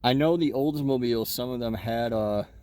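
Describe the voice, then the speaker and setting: A man's voice: medium pitch, normal speed, darkish tone, no room sound. A man giving casual walk-around commentary at an outdoor junkyard, muttering running remarks to himself as he browses. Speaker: car hobbyist vlogger.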